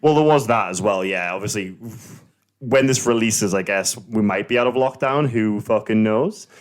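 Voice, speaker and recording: A man's voice: lowish voice, normal speed. A man in his late twenties hosting a casual podcast chat with friends, rambling and hesitant, swearing freely. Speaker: podcast host.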